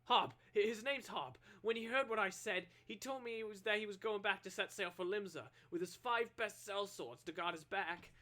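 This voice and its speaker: A man's voice: medium pitch, normal speed, bright, forceful tone, natural voice. A man voicing a nervous, shifty male informant who stammers and speaks in a put-on accent. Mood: jittery.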